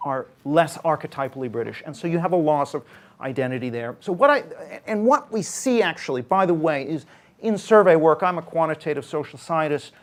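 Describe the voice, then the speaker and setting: A man's voice: on the high side, expressive, brisk. A man giving a public talk as a panel speaker, explaining earnestly and often correcting himself mid-sentence. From Canada. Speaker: panel speaker, social scientist. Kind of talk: public talk at a debate event.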